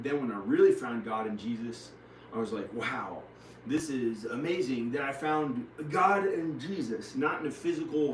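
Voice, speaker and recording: A man's voice: mid-range voice, darkish tone. A man talking to the camera in a rambling personal monologue, restarting and trailing off. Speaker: vlogger. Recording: echoey room, mic at a distance, faint noise.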